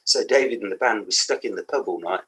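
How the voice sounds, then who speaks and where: A man's voice: on the low side, fast talker, a bit bright, slightly rough, low-quality recording. A man in his sixties with a Black Country accent, rambling through anecdotes as a podcast guest. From England. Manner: rambling anecdotes with laughs and asides. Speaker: guest musician. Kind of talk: casual podcast interview.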